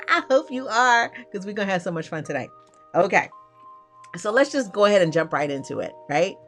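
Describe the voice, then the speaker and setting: A woman's voice: mid-range voice, animated, moderate pace, a bit bright, faint music behind. A woman hosting a live stream, chatty and bubbly, who greets viewers with casual slang. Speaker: livestream host and brand coach. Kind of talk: upbeat live-stream chat.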